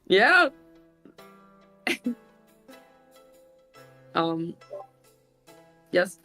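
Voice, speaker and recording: A woman's voice: on the low side, very animated, extremely slow, pushed and bright, soft background music. A woman playing a tabletop role-playing game, chatting casually, laughing, swearing and trailing off. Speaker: player.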